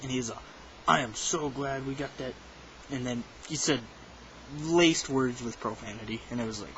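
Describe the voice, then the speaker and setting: A teenage boy telling a story in a casual, rambling way, with lots of "like" and "um" and animated quotes. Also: mid-range voice, dull audio, a little hiss or hum. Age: teens.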